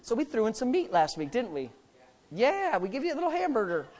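In a church sanctuary, a male pastor preaches an emphatic sermon at a brisk pace with huge swings in pitch. He alternates between loud bursts and low asides, tossing in a few jokes along the way.

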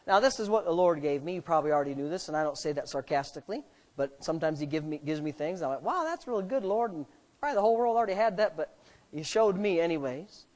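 An animated preacher whose pitch leaps and dips through the sermon. The delivery drops to quiet, quick asides, then swells into loud, slowed-down emphasis. Rhetorical questions keep coming at the congregation, with a light joke now and then. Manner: jokes lightly with the listeners.

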